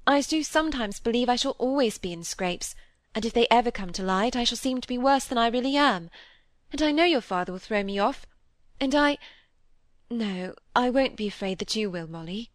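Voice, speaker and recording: A woman reading aloud, voicing a troubled, secretive young woman in an old novel who speaks quickly and emphatically. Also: fairly high pitch, lively intonation, dry recording, voice pushed up, close to an everyday voice.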